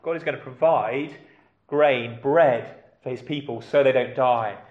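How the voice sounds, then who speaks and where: A man's voice: mid-range voice, unhurried, darkish tone, echoey room. A man preaching a sermon in a conversational way, with rhetorical questions and questions put to the children.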